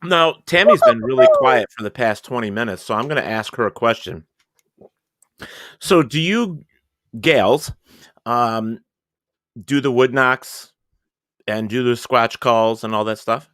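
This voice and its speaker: A man hosts a casual talk radio stream, reading out chat questions and steering the guests. His pitch moves a lot within each sentence. The sound is dry and close. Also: wildly swooping pitch, measured pace, long pauses, a bit bright, dry recording. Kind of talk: casual live-stream hosting.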